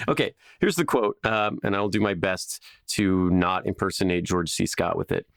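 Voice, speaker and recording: A man's voice: low-pitched, moderate pace, gravelly, few pauses, clear, resonant tone, dry recording, studio quality. A man hosting a podcast, chatting casually in a rambling way full of filler words, recording in a small closet. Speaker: podcast host.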